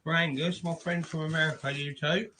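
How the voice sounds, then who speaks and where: A man's voice: on the high side, steady tone, fairly quick, pushed and bright, slight background noise, rough recording. A man from England with an English accent, recording a home video message, emotional and crying as he talks. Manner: emotional, tearful, swears.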